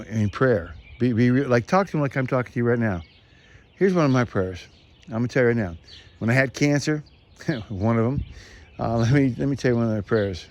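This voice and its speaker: A man's voice: medium pitch, a little mellow. A middle-aged man casually talking to camera about faith outdoors, rambling and earnest with frequent chuckles. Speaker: vlogger. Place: outdoors among trees.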